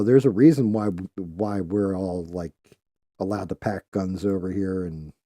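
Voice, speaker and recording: Blunt host, low dark voice, dry close sound, swears freely. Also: male voice, no echo. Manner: blunt, profane, defiant. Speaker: live show host. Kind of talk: casual live-stream chat.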